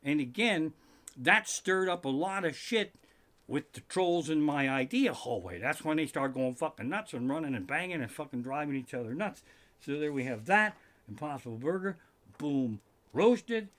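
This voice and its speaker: A man doing a live-streamed comedic rant from his living room, profane and animated with sudden outbursts. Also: a little high, moderate pace. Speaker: comedian host.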